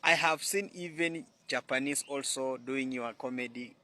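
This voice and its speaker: A man from Kenya, talking casually to the camera in a halting, affectionate way. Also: mid-range voice, bright, forceful tone. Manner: halting, restarts words, affectionate. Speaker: social media commenter. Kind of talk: casual direct-to-camera talk.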